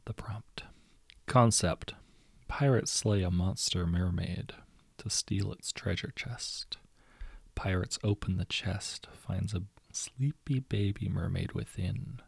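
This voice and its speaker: Deep-voiced man, gravelly, hushed storytelling, dry sound. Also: slow pace, dry recording. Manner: soft, hushed narration. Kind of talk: reading a writing prompt story.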